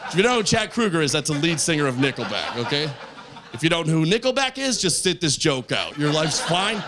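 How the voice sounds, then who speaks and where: Male stand-up comic, lively storyteller who plays every character loud, fairly high voice, live club sound with light audience noise. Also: fast. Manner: animated, acts out quoted voices loudly. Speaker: stand-up comedian. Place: comedy stage with a live audience. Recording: live club show, faint crowd noise.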